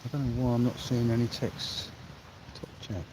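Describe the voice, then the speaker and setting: A man's voice: mid-range voice, level tone, normal speed. A man rambling in friendly chatter to live-stream viewers while fishing outdoors on a beach. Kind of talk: casual live-stream chat. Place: outdoors on a shingle beach by the sea. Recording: loud wind and surf outdoors.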